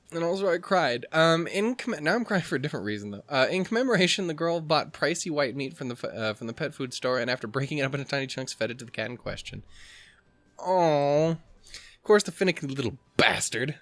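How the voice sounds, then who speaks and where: A man hosting a let's play, chatting and reading in an excitable, jokey way with lots of swearing. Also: on the high side, fairly quick, no room sound. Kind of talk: casual let's play commentary.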